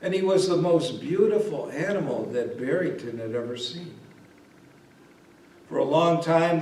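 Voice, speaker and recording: Slow-telling pastor in an echoey hall. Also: male voice, a little high, slight background noise. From Ohio, USA. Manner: slow, gentle storytelling. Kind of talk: reading a Christmas story aloud. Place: church or parish hall. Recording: roomy echo, mic at a distance.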